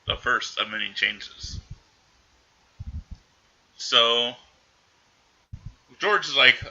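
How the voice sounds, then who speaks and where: A man hosts a casual podcast, recapping a film in a rambling way and quoting characters as he goes. His voice is very bright and edgy. The recording sounds dull and lo-fi. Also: medium pitch, lively intonation, extremely slow, long pauses. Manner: rambling retelling full of quoted lines. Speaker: podcast host.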